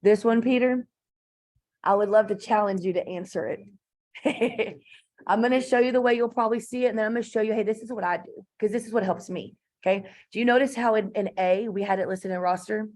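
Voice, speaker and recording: A woman's voice: medium pitch, fairly even intonation, a little fast, darkish tone. A woman, teaching a math class in a classroom, chatty and informal with lots of asides and fillers. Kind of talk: classroom lecture.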